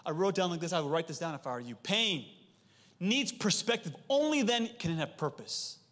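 A high-voiced man in his thirties preaches to his church, telling stories with animated energy and asking the crowd to answer him. His voice rings out with a long echo through a big hall. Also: a little fast. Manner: animated storytelling, calls for audience response. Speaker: pastor. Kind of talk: sermon.

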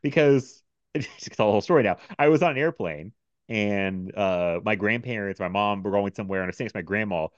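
A man's voice: lowish voice, brisk, no echo. Man hosting over a dull lo-fi mic. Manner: chatty, laughs often, trails off into fillers. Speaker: podcast host. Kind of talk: casual chat.

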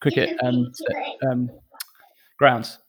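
A man's voice: medium pitch, little pitch movement, drawn-out words, very noisy. A man hosting a podcast, polite and effusive, often hesitating mid-sentence. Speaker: podcast host. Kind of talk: casual chat.

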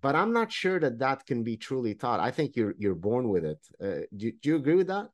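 A man hosting an interview, asking his questions in a measured, hesitant way with small restarts. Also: medium pitch, very animated. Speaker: podcast host.

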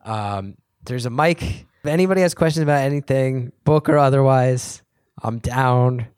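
A man's voice: medium pitch, moderate pace, darkish tone, clear, resonant tone, no room sound, studio quality. A man reading earnestly from his own book at a live event, then answering audience questions in a rambling way, his voice cracking a little. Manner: earnest, rambling, with restarts when speaking off the cuff.

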